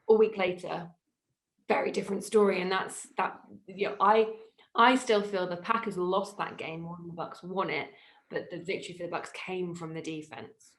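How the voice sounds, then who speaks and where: A woman with a somewhat low voice co-hosts a relaxed sports podcast. She talks in a chatty, loose way, pausing on fillers and restarting her thoughts. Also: low-quality recording. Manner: chatty, many fillers and restarts, laughs easily. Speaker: podcast co-host. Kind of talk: casual sports chat.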